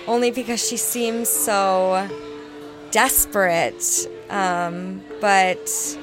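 A woman with a mid-range voice reflects earnestly on her past, with pauses and soft hesitations. Music plays clearly underneath. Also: mid-range voice. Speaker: guest storyteller. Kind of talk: sincere interview reflection.

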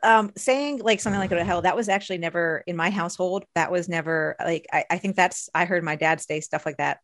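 A woman co-hosting a podcast in casual chat, telling stories about her son in a chatty, animated way. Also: lowish voice, brisk, dry recording, studio quality. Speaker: podcast co-host.

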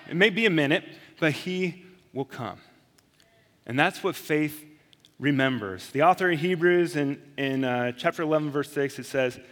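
A man in his thirties, a pastor giving a reflective, earnest sermon with slow, emphatic pauses. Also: medium pitch, fairly bright tone. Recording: long reverb of a large hall.

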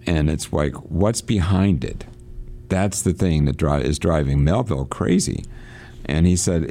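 A man's voice: low voice, dark tone. A man on a radio program reading passages from a novel aloud and talking them over, with frequent restarts. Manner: reads quoted passages aloud, halting with restarts. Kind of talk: casual reading and discussion on radio. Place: church.

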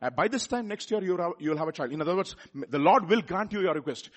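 A man with a Telugu accent preaching a sermon, repeating words and building up to loud rhetorical questions. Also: high voice, animated, fast talker. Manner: repeats words and restarts phrases.

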